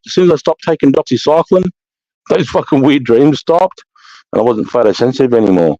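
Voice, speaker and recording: A man's voice: mid-range voice, fairly quick, dry recording. Swearing Australian man on a dull stream mic. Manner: blunt, heavy swearing, animated storytelling. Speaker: livestream host, army veteran. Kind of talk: casual livestream chat. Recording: dull, dry lo-fi stream audio.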